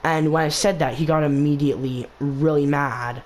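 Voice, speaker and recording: Over poor audio, a man with a higher-pitched, steady voice talks at a normal speed. He runs a gaming channel and tells a meandering, casual story packed with "basically", "like", other fillers, and false starts.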